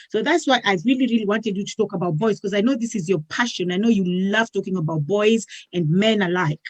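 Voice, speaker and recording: A woman's voice: medium pitch, dry recording, low-quality recording. A woman hosting a talk show, speaking earnestly and repeating words as she builds her point.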